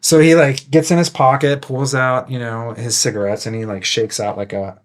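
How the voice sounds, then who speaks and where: A man's voice: mid-range voice, flat delivery, moderate pace. A man who guides ghost tours, telling a story in a casual chat, loose and rambling, full of fillers. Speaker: ghost tour guide and ghost hunter, guest.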